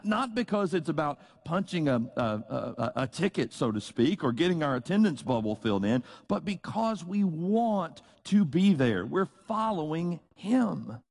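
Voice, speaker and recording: A man's voice: fairly high pitch, creaky, darkish tone. A middle-aged man with a Tennessee Southern accent, preaching an earnest, conversational sermon with folksy asides and acted-out bits of dialogue.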